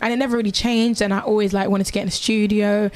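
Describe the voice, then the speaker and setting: A Jamaican-born woman in her twenties with a South London accent, a musician chatting in a casual radio interview, animated and full of slang. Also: medium pitch, fast talker. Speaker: musician guest.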